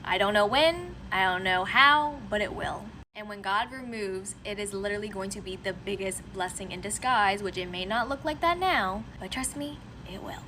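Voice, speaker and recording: A woman's voice: medium pitch, animated, normal speed, hardly any pauses, bright, forceful tone. A woman telling a casual storytime in an emphatic, preachy pep-talk manner. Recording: noisy background.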